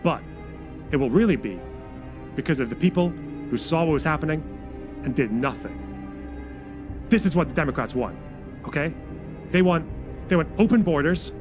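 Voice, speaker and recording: Brief: man doing a shrill, preachy pundit parody, loud and tongue-tied. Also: lively intonation, normal speed, long pauses, over music, natural voice. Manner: loud, preachy, trips over its own talking points. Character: ranting male political pundit, doom-preaching and indignant.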